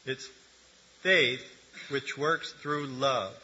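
An older man preaches in a loose, conversational way, mixing teaching with jokes and asides to the congregation. His voice is strikingly bright with a husky edge. The recording sounds dull and lo-fi. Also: mid-range voice, drawn-out words. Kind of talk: sermon.

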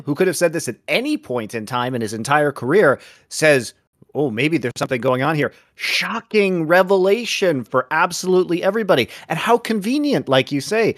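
Brief: male podcast co-host, indignant and sweary, higher voice. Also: no echo, studio quality. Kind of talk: casual podcast banter.

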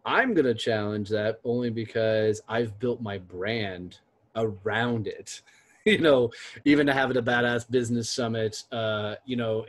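A blunt, profane man, speaking at an ordinary middle pitch. He hosts a casual conversation and tells stories from his career in a frank, storytelling manner.

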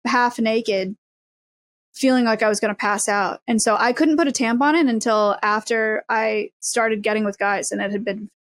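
A young woman with a fairly high voice talks candidly in casual podcast chat. Her voice sounds close and dry, and she strings confessional thoughts together one after another. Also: fairly even intonation, normal speed, no echo. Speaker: podcast co-host.

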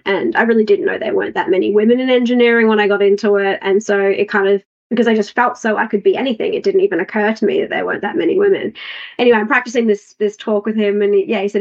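A woman's voice: mid-range voice, steady tone, quick pace. A woman hosting a podcast, chatting openly and correcting herself as she shares personal stories. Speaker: podcast host. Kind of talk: casual chat. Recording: slightly dull, lo-fi sound.

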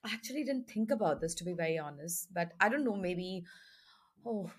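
A woman co-hosting a film podcast, chatting casually in quick, lively bursts. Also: on the low side, husky. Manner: animated, quick bursts, laughs often. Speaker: podcast co-host.

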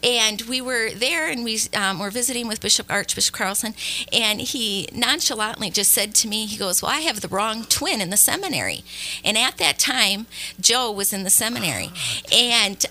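Female podcast guest, bright voice, chatty storyteller who laughs easily. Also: mid-range voice, normal speed, low-quality recording. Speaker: guest, mother. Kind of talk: casual chat.

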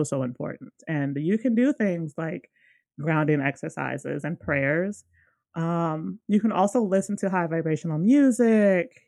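A young woman co-hosting a podcast, telling a personal story in a casual, animated way with lots of fillers. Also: lowish voice, dry recording, studio quality. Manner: animated, many fillers, acts out dialogue. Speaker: podcast co-host.

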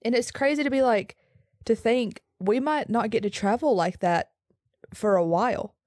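A woman's voice: on the high side, moderate pace, darkish tone, dry recording. A woman in her twenties co-hosting a casual podcast from her bedroom, with a dry, sarcastic manner. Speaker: podcast co-host. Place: sitting on her bed at home.

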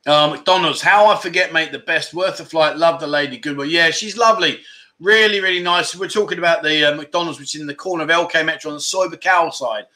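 A chatty man hosts a livestream and riffs on viewer comments. His voice sits a little high and rings bright and forceful. He jokes around, wanders off topic and forgets names mid-sentence. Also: a little fast. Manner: rambling, jokey, loses his train of thought. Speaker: livestream host. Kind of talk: casual livestream chat, reading viewer comments.

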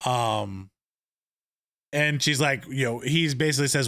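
A man's voice: medium pitch, normal speed, sharp tone, no room sound, clean studio sound. A man co-hosting a casual chat about a TV episode, retelling scenes with enthusiasm and lots of fillers. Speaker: podcast co-host.

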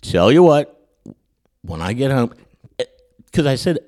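A man's voice: medium pitch, measured pace. A man hosting a podcast, telling an anecdote and acting out what people said, with many stammered restarts. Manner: animated storyteller who acts out quotes, with frequent stammered restarts. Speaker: podcast host. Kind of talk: storytelling anecdote in casual chat.

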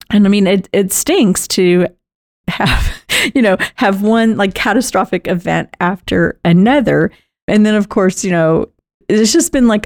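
Gravelly woman, chatty storytelling. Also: lowish voice, a little mellow, no echo, studio quality. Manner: chatty storytelling with frequent laughs and restarts. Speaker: podcast host and caregiver. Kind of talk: casual personal monologue.

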